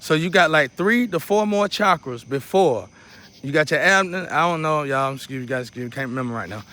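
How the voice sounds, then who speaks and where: A man's voice: on the high side, lively intonation, a little fast, bright, forceful tone. A man teaching a guided meditation in a loose, repetitive, casual way, dropping in preacherly asides. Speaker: spiritual teacher.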